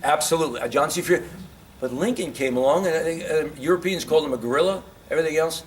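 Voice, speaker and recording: A fast-talking man with a voice on the high side lectures casually about history to a live audience, faint hiss or hum audible. He quizzes the room again and again, growing fervent over what he's arguing.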